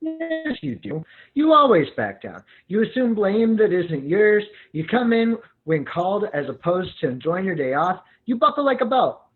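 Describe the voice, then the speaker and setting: A needling, sarcastic young clerk who lectures his friend, read by a man. His voice sits high and bounces around, and it comes through a tinny, phone-like line. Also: sing-song, normal speed. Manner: teasing, lecturing. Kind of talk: live script reading.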